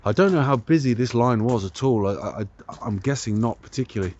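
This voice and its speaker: A man's voice: mid-range voice, expressive, brisk, darkish tone, slight background noise. Man thinking aloud on a muffled outdoor walk. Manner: curious, thinks aloud about old railway features. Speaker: vlog host. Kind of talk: casual walking commentary. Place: outdoors on a rural old railway trackbed.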